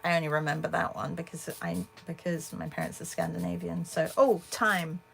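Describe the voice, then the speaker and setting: A woman's voice: on the low side, level tone, moderate pace, vocal fry, a bit bright, soft background music. A woman hosting an art livestream, chatting casually and answering viewers as she paints. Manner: chatty, thinks aloud and answers viewers' comments.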